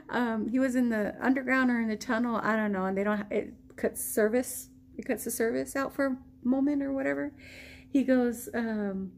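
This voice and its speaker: Woman, American, casual vlog storytelling, animated retelling, slightly high voice. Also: moderate pace, vocal fry. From United States. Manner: animated retelling, acting out quoted lines. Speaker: vlogger.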